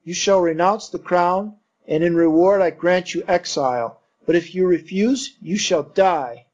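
A man's voice: high voice, measured pace. A man reading aloud and voicing a deranged young man who rants feverishly about claiming a crown. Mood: raving, furious. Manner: feverish, grandiose, shouting. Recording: dull lo-fi recording.

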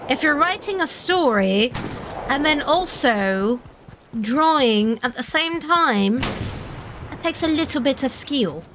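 A woman's voice: high voice, expressive, slow, noisy background. A young woman streaming a game, chatting playfully and teasing, often repeating herself. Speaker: gaming streamer. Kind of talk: casual gaming banter.

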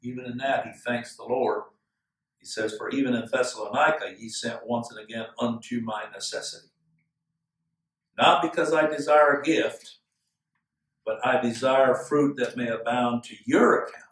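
A male pastor giving an earnest, measured sermon with slow, emphatic phrases. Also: mid-range voice, a bit bright. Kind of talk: expository sermon. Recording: echoey room, from far off.

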